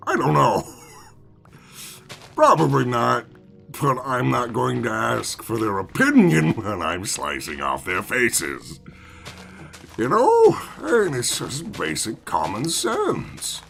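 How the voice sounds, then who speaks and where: A man's voice: mid-range voice, huge pitch swings, takes it slowly, gravelly, pushed and bright, faint music behind. A man streaming a game, talking to himself in sarcastic, rambling commentary. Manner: sarcastic rambling self-talk. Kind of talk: casual gameplay commentary.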